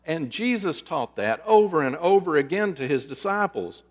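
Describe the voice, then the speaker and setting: A man preaching a sermon, with dramatic pauses and rhetorical questions that he then answers himself. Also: high-pitched, lively intonation, long reverb tail. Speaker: pastor.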